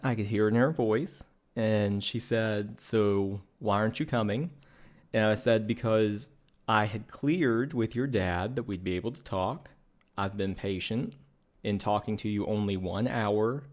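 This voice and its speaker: An earnest young man with a somewhat low voice recounts a personal experience. He speaks in a measured, matter-of-fact way, explaining himself step by step. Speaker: podcast co-host. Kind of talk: personal storytelling.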